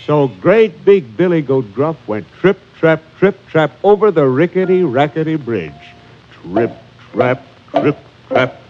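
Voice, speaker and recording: A man reading a children's story aloud in a lively, rhythmic, sing-song way. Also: a little high, moderate pace, few pauses, slight background noise. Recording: muffled, with music behind.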